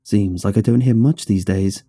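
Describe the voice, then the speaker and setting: A man voicing a frail, warm old woman who works as a spa receptionist and speaks in a shaky, doting voice. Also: on the low side, moderate pace, no room sound, studio quality, close to an everyday voice. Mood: sweet, doting. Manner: sweet, doting, calls listener honey.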